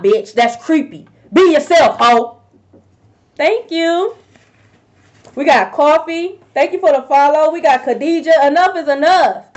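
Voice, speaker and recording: A young woman doing a live-stream tarot reading, talking bluntly and confrontationally with a lot of cursing. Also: high-pitched. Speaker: tarot reader. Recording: dull lo-fi stream audio.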